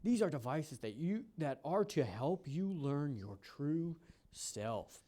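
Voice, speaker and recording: A man's voice: fairly high pitch, big pitch swings, takes it slowly, dark tone, slight background noise. A man voicing a stern, haughty otherworldly male guide creature while reading a game script aloud. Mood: solemn.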